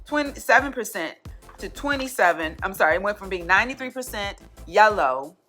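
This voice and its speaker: Chatty, excited teacher woman, bright voice. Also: medium pitch, brisk, faint music behind. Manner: excited, chatty, full of restarts. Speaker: kindergarten teacher. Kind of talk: casual vlog chat.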